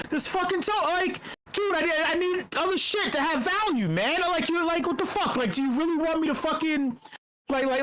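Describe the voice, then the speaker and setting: Over poor audio, a high-pitched, fairly bright voice belongs to a meetup participant who launches into an angry, profane rant during an online group call. They sound exasperated and forceful, frequently starting sentences over.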